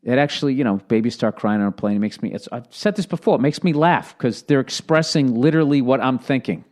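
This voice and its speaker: A man's voice: medium pitch, fast, a little mellow. A man in his forties hosting a casual solo podcast, with a Boston accent, rambling and sarcastic, swearing freely as he tells stories. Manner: rambling, profane, sarcastic storytelling. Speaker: podcast host.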